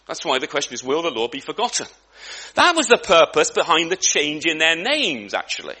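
Guy giving a sermon, high bright voice, lots of restarts, chatty and animated. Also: brisk. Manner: conversational, with frequent restarts and asides; animated and lively emphasis. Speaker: preacher. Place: church.

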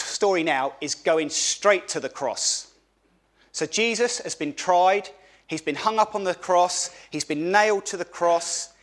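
Animated preacher man, lively questions. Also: a little high. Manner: animated, asks children questions, repeats words for emphasis. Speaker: preacher at a family service. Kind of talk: children's sermon. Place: church.

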